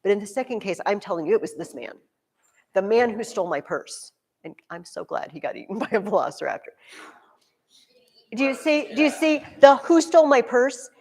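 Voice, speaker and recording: A woman teaching a classroom grammar lesson, animated, speaking directly to her students with quick asides. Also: medium pitch, long reverb tail. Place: large classroom with a reverberant sound.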